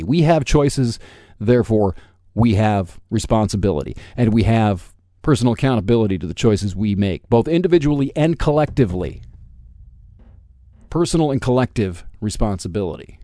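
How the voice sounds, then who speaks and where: A man's voice: lowish voice, animated, moderate pace, dark tone, no echo, clean studio sound. Sarcastic ranting podcast host, man. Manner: sarcastic, combative, profane. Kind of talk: solo podcast rant.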